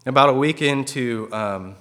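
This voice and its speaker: A man's voice: medium pitch, moderate pace, fairly bright tone. Earnest man giving a testimony. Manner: conversational, many fillers and restarts. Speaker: church member sharing a testimony. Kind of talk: personal testimony.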